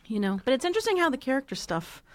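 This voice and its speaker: A woman in her forties hosting a podcast in a studio, chatty and quick to laugh. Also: high voice, very animated, dry recording. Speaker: podcast host. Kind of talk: casual podcast chat.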